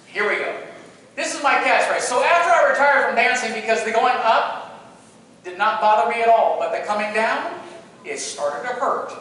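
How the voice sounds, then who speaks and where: Keynote speaker, man, middle-aged, high-pitched, playful joker, distant mic in a reverberant hall. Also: a little hiss or hum. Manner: animated, playful, joking with the audience. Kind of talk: storytelling conference presentation. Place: large conference hall. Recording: echoey hall, picked up from afar.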